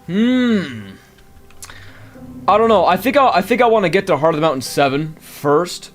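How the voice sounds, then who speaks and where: Animated man streaming a game. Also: sits high, normal speed, soft background music. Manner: animated, grumbling, talks to chat. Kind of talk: live gameplay commentary.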